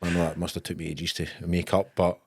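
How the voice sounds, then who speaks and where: A Scottish man co-hosting a podcast, cracking jokes with loud, laughing bursts. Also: low-pitched, level tone, fast, breathy edge. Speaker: podcast co-host. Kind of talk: casual chat.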